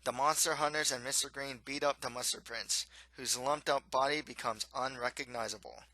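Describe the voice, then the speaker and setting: A man reading his own children's-style novel aloud, in steady, plain storybook narration with occasional slips. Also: mid-range voice, normal speed, dry recording, poor audio.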